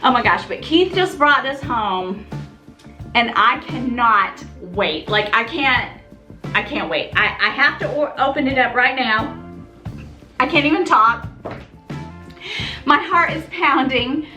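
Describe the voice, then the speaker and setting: A woman fashion vlogger unboxes a gift in an excited vlog, breathless and gushing, laughing and sighing between thrilled remarks. Her high-ish voice is expressive, a little slow, pushed and bright, in a reverberant space with faint music behind.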